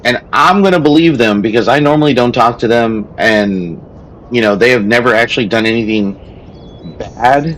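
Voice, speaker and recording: A man's voice: mid-range voice, moderate pace, a bit bright, poor audio. A man, a streamer who also teaches, chatting casually while he plays a strategy game, telling a story in a rambling way with many restarts.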